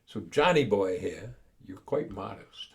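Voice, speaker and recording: A man co-hosting a casual podcast, chatting and telling jokes with a lively delivery. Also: fairly low pitch, measured pace, gravelly. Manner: lively, laughs at jokes, acts out voices in stories. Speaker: podcast co-host.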